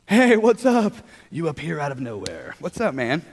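A young man with a high, lively voice leads a children's sermon in a big church hall, upbeat and coaxing the kids to join in. His voice rings with a long reverb around the room. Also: moderate pace.

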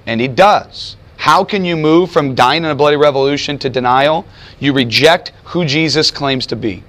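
A man preaching a sermon, teaching a Bible passage with emphatic rhetorical questions and deliberate slowing for emphasis. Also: on the high side, a bit bright.

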